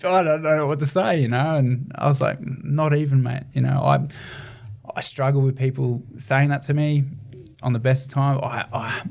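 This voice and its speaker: Man, Australian accent, gravelly voice, casual interview guest, earnest, lots of "you know". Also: medium pitch, moderate pace, darkish tone. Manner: earnest, rambling, many fillers and restarts. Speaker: guest, ultramarathon runner.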